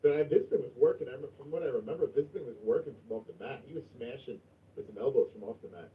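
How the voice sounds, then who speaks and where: A man's voice: medium pitch, rapid-fire, distant mic, narrow, tinny audio. A man hosting a live stream, talking casually and bluntly with plenty of swearing. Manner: blunt and heavily profane. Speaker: stream host.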